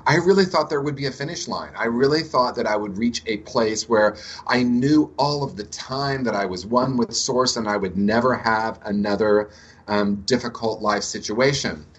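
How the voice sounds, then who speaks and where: A man's voice: medium pitch, moderate pace, husky, highs cut off. A man speaking as an interview guest about recovery, telling reflective spiritual stories in a conversational way. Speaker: guest, addiction recovery teacher.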